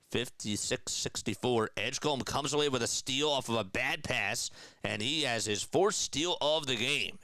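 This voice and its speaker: Man, basketball play-by-play, smooth resonant voice, dry close sound, chatty. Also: medium pitch, fairly bright tone, dry recording, poor audio. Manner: casual, chatty, reads viewer comments aloud. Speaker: play-by-play announcer. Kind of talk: radio-style basketball play-by-play with live chat.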